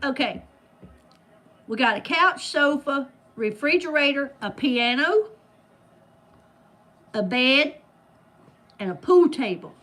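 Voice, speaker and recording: A woman's voice: high voice, expressive, slow pace, long pauses, fairly bright tone. A woman hosting a casual trivia game with friends. She reads out questions and answers in a playful, teasing way. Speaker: game host.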